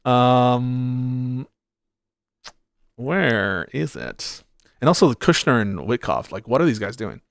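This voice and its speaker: A man's voice: mid-range voice, very animated, slow pace, creaky, long pauses, no echo. A man streaming political commentary, blunt and profane, rambling as he searches through viewer comments. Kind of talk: livestream commentary reading chat.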